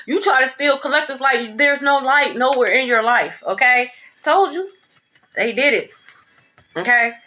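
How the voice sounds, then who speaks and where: A high-voiced woman runs through a casual tarot reading. Her tone is bright and sharp, and her delivery is blunt, emphatic and full of profanity. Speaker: tarot reader.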